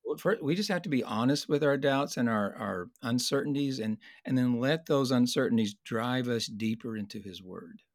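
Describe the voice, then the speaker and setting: A man teaching in a conversational Bible study discussion, earnest and explanatory, slowing down to stress key points. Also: medium pitch, expressive, dry recording, clean studio sound.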